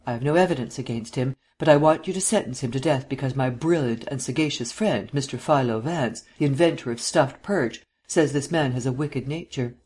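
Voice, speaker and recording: A man's voice: medium pitch, fairly quick, hardly any pauses, a little mellow, husky, lightly acted. A man voicing a stern male district attorney who speaks coldly and indignantly. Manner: cold, clipped and indignant.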